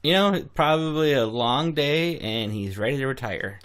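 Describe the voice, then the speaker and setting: A man's voice: medium pitch, expressive, normal speed, a bit bright. A man co-hosting a casual podcast, answering in a laid-back, easygoing way. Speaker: podcast co-host.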